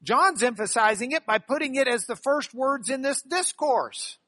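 A man teaching a class on biblical Greek grammar, animated and stressing key words by repeating them. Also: very high voice, normal speed, no echo. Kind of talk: classroom lecture.

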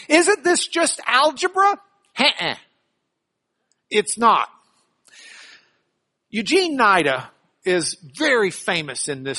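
A teacher giving a classroom lecture on Bible translation to an audience, explaining ideas with everyday examples in an animated way, speaking into a microphone. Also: mid-range voice.

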